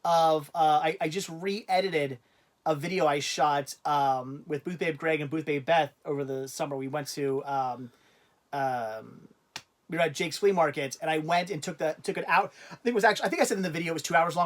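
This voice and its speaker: A man hosting a casual livestream in a fairly high voice. He rambles and drifts off mid-thought, restarts his sentences, and breaks into easy laughter as he chats on. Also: a little fast. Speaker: livestream host.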